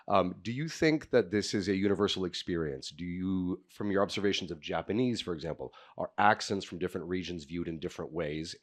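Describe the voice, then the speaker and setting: Deep-voiced American man judging. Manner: friendly, probing questions. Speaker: contest judge. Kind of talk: judge's questions.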